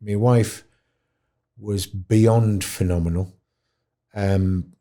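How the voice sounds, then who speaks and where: A middle-aged man with a Yorkshire accent, telling stories as a podcast guest in an expressive, self-mocking way. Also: very slow. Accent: Yorkshire English. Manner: expressive, swoops high for quoted voices, self-mocking. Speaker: podcast guest, dementia advocate. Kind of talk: animated storytelling in conversation.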